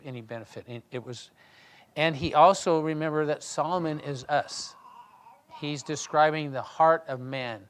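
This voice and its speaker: A man leading a Bible study, reading scripture aloud and then talking it through in a conversational way, often restarting and clearing his throat. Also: fairly high pitch, a bit bright. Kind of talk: reading scripture and discussing it in a small group.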